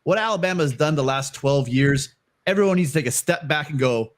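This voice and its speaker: A man's voice: fairly high pitch, animated, brisk. A man joking and rambling as a guest on a livestream sports panel, often correcting himself. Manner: rambling, self-correcting, jokey. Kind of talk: casual podcast chat.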